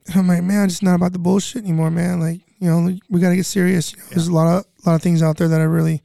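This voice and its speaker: A man in his thirties talks very fast in a high-pitched, flat voice with vocal fry and a warm tone, recorded dry with clean studio sound. A guest who cooks for disaster relief, he rambles through stories from the work, swearing and saying "you know" constantly.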